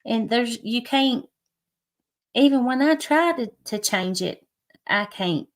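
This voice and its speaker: A woman's voice: a little high, animated, slow. A woman with a thick Appalachian accent, co-hosting a livestream in casual chat and laughing often. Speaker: livestream co-host.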